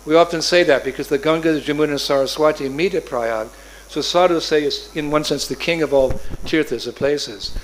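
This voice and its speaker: A man preaching a sermon as an animated storyteller, narrating a sacred story and acting out its voices. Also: fairly high pitch, fairly quick.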